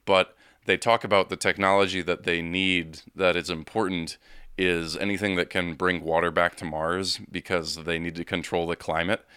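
A man's voice: low voice, level tone, moderate pace, sharp tone, smooth, dry recording, clean studio sound. A man co-hosting a podcast, talking about a film in a casual, rambling way and restarting his points often. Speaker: podcast co-host.

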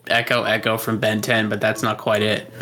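A man's voice: fairly low pitch, monotone, normal speed, pushed and bright. A young man co-hosting a casual podcast in an upbeat, playful way. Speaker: podcast co-host. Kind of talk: casual chat.

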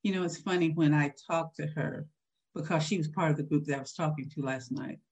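A woman in her sixties, husky-voiced, recalling a personal story in a candid interview with a soft laugh now and then. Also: low voice, brisk. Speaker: guest.

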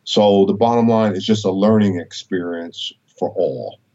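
Low-voiced, preacherly middle-aged professor. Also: male voice, normal speed, dark tone, muffled recording. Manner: preacherly, emphatic, full of biblical references. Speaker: college professor. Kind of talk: inspirational storytelling interview.

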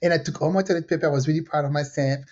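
Woman storyteller, low voice, lo-fi. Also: racing. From France. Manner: animated storyteller, acts out quotes, laughs often. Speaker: podcast co-host. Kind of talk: casual chat, storytelling. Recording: dull lo-fi sound.

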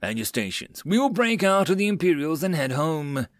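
A man's voice: a little high, big pitch swings, normal speed, dry recording, voice pushed up. A man voicing a boat skipper under fire who barks urgent commands. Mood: commanding.

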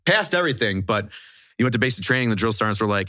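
A man telling a story in casual chat, animated and swearing freely. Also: fairly low pitch, quick pace, dry recording, clean studio sound.

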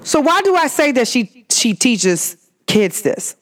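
Podcast host, young woman, emphatic and lively, higher voice, pointed rhetorical questions. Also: a little slow. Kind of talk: casual monologue.

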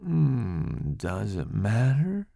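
A man voicing a seductive female monster in disguise, speaking in a slow, hushed, breathy way. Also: fairly low pitch, wildly swooping pitch, dry recording, studio quality, heavily acted. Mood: sultry, hushed.

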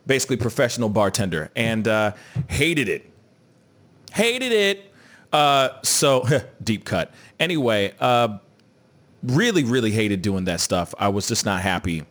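Laid-back young host from St. Louis, jokey and chatty, a bit low-pitched. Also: male voice, a little slow, fairly bright tone. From St. Louis, Midwest US. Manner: jokey, laughing, reads viewer comments aloud. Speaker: show host. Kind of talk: casual live-stream chat.

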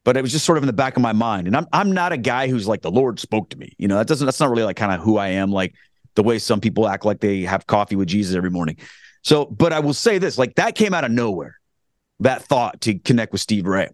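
A man's voice: fairly low pitch, animated, quick pace, dry recording, studio quality. A man, earnestly telling his conversion story as a guest, rambling with frequent restarts. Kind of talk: casual spoken testimony.

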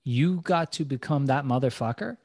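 A man's voice: medium pitch, moderate pace, a little mellow, no echo. A man hosting a casual talk, telling stories in a brash, profane way. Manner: brash storytelling, heavy swearing. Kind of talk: casual conversation.

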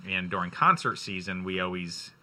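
Bright-voiced joking man. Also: low-pitched, moderate pace. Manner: joking, playful. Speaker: radio show host. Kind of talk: casual banter.

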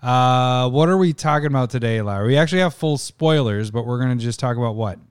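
A man's voice: mid-range voice, fast talker, clear, resonant tone, no room sound, clean studio sound. A man co-hosting a podcast in casual chat, joking and laughing often. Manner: joking, laughs often, bits of silly voices. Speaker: podcast co-host.

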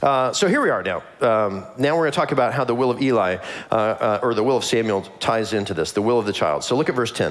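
A pastor preaching a sermon, retelling scripture with humor and acting out the characters' voices. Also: male voice, mid-range voice, quick pace, hardly any pauses. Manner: animated, humorous storytelling with acted voices.

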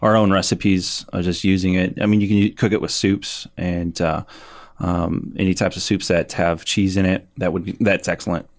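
A man being interviewed as a farmer, speaking in a relaxed, hesitant way with lots of ums. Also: low voice, moderate pace, no room sound, clean studio sound. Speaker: farmer and guest. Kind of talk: casual interview.

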